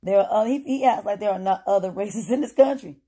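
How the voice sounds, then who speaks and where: A woman's voice: medium pitch, brisk, mellow, breathy edge. A woman giving an emphatic, repetitive opinion monologue, lecturing her listeners in casual speech.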